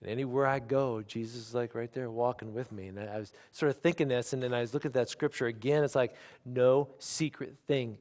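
A man in his forties preaches to a congregation with a mid-range voice. He drops to near-whispers for intimate asides, then builds to loud, emphatic declarations. His voice rings out with the long reverb of a large hall. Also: mid-range voice, a little fast, few pauses. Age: 40s. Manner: animated preaching, swinging from quiet asides to loud emphatic lines. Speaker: pastor. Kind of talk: sermon.

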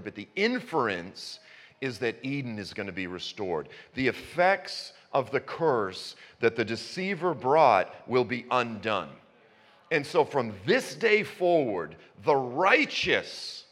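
Man in his fifties preaching in an echoing hall. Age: 50s. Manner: animated storytelling, self-mocking humor, sudden high outbursts. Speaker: pastor. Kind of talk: sermon. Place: church sanctuary. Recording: long reverb of a church hall.

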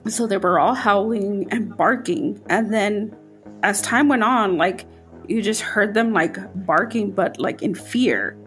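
A woman hosting a podcast tells a personal spooky story in casual conversation, and her voice leaps up high whenever she quotes herself.

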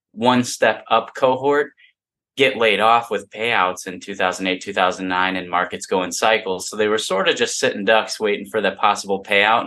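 A man's voice: fairly low pitch, bright, forceful tone. A young adult man, a podcast guest, explaining his views in a confident, upbeat way. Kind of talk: casual interview talk.

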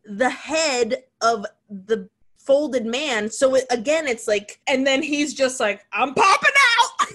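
A woman co-hosting a casual podcast, her voice sitting a little high. She swears freely, laughs easily and acts out the scenes she recaps. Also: takes it slowly. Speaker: podcast co-host. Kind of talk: casual chat recapping a horror film.

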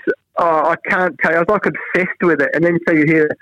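A middle-aged Australian man in a relaxed interview, telling stories and acting out what others said. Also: quick pace, no echo. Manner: animated, acts out quoted voices with big pitch jumps. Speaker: national cricket head coach, guest. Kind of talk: casual storytelling interview. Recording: dry, dull lo-fi sound.

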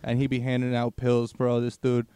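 A man's voice: medium pitch, completely flat delivery, moderate pace, mellow, smooth, no echo, close to an everyday voice. A man putting on a swaggering bro movie reviewer who ends every sentence with slang tags and crude words. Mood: hyped.

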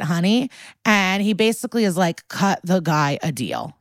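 A woman with a mid-range voice, speaking at a normal speed with no echo, co-hosts a podcast. Chatting casually, she recaps a TV episode in an animated way, acting out the characters' lines as she goes.

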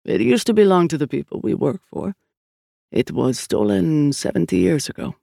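A man reading an audiobook, voicing a deep-voiced, older male priest who explains things in a measured, calm way. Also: creaky, no echo, studio quality, full character voice.

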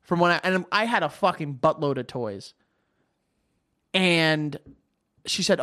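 A man in casual podcast chat, telling animated stories and swearing freely. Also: a little high, a little slow, pauses often.

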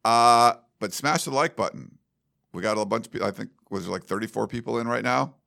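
A man's voice: fairly low pitch, a little fast, creaky, sharp tone. A man co-hosting a podcast in a studio, in casual, rambling chat full of fillers. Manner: rambling, laid-back, lots of fillers. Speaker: podcast co-host.

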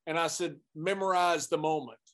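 A man's voice: on the high side, normal speed, a bit bright. A man in a casual podcast chat, telling stories in a friendly way with a chuckle and passing on advice.

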